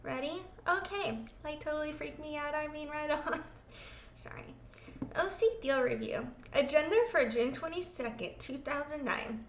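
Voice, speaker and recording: A woman's voice: fairly high pitch, a bit bright, a little hiss or hum. A woman hosting a show, reading court exhibits aloud in casual commentary, swearing freely and mocking herself. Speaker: host. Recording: echoey room.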